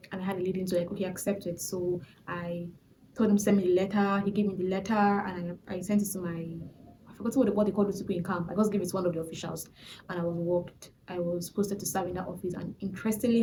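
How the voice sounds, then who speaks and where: A young woman with a Nigerian accent telling a personal faith testimony in a chatty, animated way, often restarting her sentences. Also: fairly low pitch, fast talker, noisy background. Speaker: vlogger.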